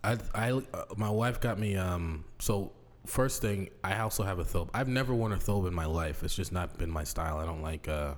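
A man's voice: deep voice, normal speed, few pauses. A man in his late thirties co-hosting a podcast, chatting in a casual, joking way. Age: late 30s. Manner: animated, jokey, breaks into laughter and mock accents. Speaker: podcast co-host. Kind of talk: casual comedic chat.

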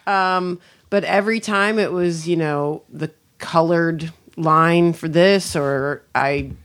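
A woman guesting on a casual film podcast, chatty and self-deprecating, thinking out loud about a movie. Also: on the low side, fairly even intonation, slow. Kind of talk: casual film review chat.

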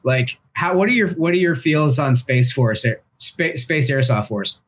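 A man's voice: medium pitch, lively intonation, unhurried, slightly rough. Rambling young man in casual chat. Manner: rambling, filler-heavy, profane.

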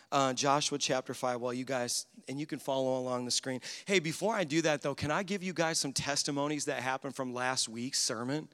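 A man preaching a sermon as pastor, energetic and joking with the congregation. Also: medium pitch. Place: large church hall with congregation. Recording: live church sound with long reverb.

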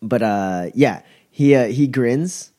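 A man's voice: mid-range voice, slow, warm tone. A young man narrating a tabletop game as game master, rambling with lots of fillers. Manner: rambling with many fillers, chuckling.

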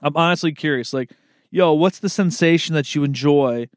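A man's voice: fairly high pitch, normal speed, no room sound, clean studio sound. A man in a casual, rambling monologue, laid-back and swearing freely, often calling the listener man or dude. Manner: chuckles at his own slips.

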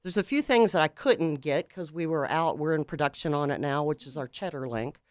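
A woman guest on a radio talk show, explaining her company's products in a friendly, steady, sales-like way. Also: sits low, brisk, dry recording, studio quality. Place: radio studio.

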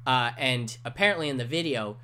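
A man's voice: mid-range voice, fairly quick, bright, forceful tone. Male podcast co-host, 20s, rambling storyteller, casual and profane, lots of fillers. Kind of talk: casual chat.

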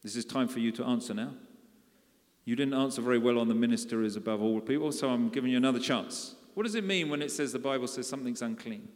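A man's voice: mid-range voice, quick pace. A man preaching a sermon in a conversational way, often putting questions to his congregation. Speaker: pastor. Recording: long hall reverb.

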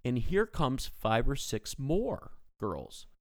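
A man's voice: medium pitch, sing-song, slow pace, no room sound. A man in his thirties, a podcast co-host, telling a story in casual chat and animatedly acting out the people in it. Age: 30s.

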